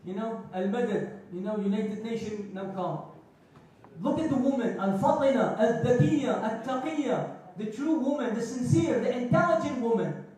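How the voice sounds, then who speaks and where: A man's voice: very high voice, expressive, moderate pace, darkish tone. A man giving a Friday sermon in a mosque, telling stories with acted quotes and phrases. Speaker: khutba speaker. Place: mosque prayer hall. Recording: echoey hall, distant mic.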